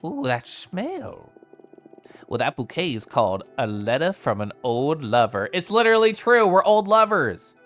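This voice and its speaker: A man's voice: mid-range voice, very animated, moderate pace, few pauses, fairly bright tone, faint music behind. A man streaming a game from home, chatting playfully with viewers and slipping into silly little voices. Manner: playful, sappy, giggly, does silly voices. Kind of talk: casual game stream chat.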